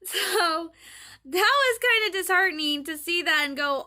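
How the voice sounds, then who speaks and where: A woman's voice: very high voice, animated, unhurried, pushed and bright. A young woman in a casual diary vlog, rambling and chatty as she retells conversations. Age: young adult. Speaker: college student vlogger.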